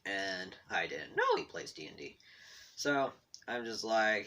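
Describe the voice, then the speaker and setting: Bright-voiced man rambling through a story. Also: lowish voice, very animated, measured pace. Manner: self-deprecating, meandering, trips over words. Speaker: storyteller drawing on camera. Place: bedroom at home.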